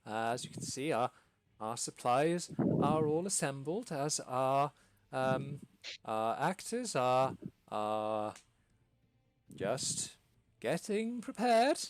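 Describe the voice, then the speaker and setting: A man's voice: medium pitch, big pitch swings, takes it slowly, slight background noise, pitched above the performer's own voice. A man voicing an anxious, eager woman who runs a theatre, stammering and repeating his words. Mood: flustered.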